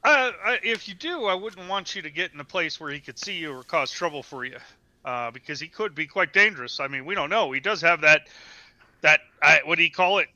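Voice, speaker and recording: A man's voice: a little high, expressive, fairly quick, sharp tone, dry recording. A man playing his character in a tabletop game, wary and stammering. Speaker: player. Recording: dull lo-fi line.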